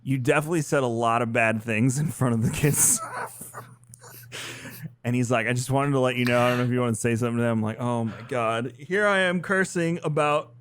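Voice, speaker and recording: A man co-hosting a podcast, telling an animated story in casual chat and swearing freely. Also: mid-range voice, quick pace, dry recording. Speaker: podcast co-host.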